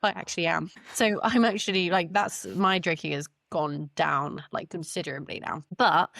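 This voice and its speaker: Podcast co-host: woman from Britain, low-ish voice, lively and self-deprecating, dry close sound. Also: moderate pace, creaky, no echo. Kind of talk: casual podcast chat.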